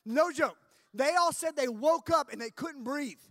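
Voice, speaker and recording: High-voiced animated male preacher. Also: a little slow, no echo. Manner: animated, jokey storytelling with shouted punchlines. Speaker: youth camp speaker. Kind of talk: sermon with comic storytelling.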